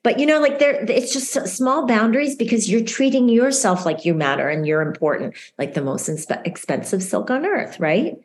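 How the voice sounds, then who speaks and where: A woman guest speaking in casual conversation, animated and earnest, giving encouraging advice. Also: fairly high pitch, normal speed, few pauses. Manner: animated storyteller, quotes others vividly. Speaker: guest author.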